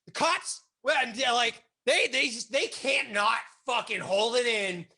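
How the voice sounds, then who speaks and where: Guest, male, swearing storyteller, bright ringing tone. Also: extremely high pitch, measured pace. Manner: animated, profane, lots of fillers. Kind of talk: casual storytelling.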